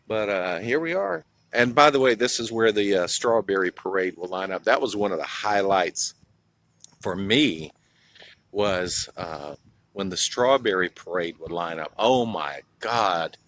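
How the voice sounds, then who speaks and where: This Southern US vlogger from North Carolina streams live from outdoors in a small town, greeting viewers by name and reminiscing with plenty of laughs. He speaks a little slowly in a low-pitched, fairly bright voice.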